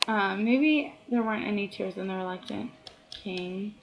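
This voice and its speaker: A woman in her thirties talks casually into a camera at home, rambling from one aside to the next with a self-deprecating streak. Her voice sits at a middle pitch with a gravelly fry and sounds tired. A faint hiss of noise stays in the background. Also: unhurried. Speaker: author vlogger. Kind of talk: casual chatty vlog. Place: home, indoors.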